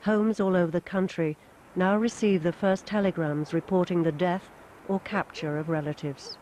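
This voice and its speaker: A documentary narrator reading a scripted account in a measured, formal way. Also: medium pitch, steady tone, a little mellow, slight background noise. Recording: narration over war sound effects.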